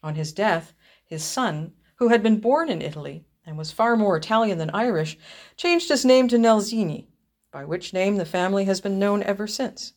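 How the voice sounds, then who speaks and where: A woman's voice: medium pitch, animated, normal speed, darkish tone, natural voice. A woman reading the lines of a solemn, dignified count in a ghost story. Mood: proud. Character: solemn Italian count of Irish descent, man.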